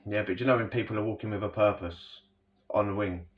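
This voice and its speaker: A man talks in a low, easy voice, rambling through a story with slang and constant asides to the listener. He sits a little way back from the mic, and the recording sounds dull and lo-fi. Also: fairly even intonation, quick pace, far from the mic. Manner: rambling, slangy, full of "you know" asides. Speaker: storyteller recounting prison life. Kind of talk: casual spoken storytelling.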